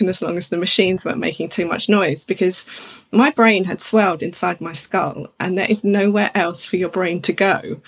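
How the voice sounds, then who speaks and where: A woman's voice: medium pitch, slightly rough. A woman speaking openly as an interview guest, chatty and laughing now and then as she tells hard personal things.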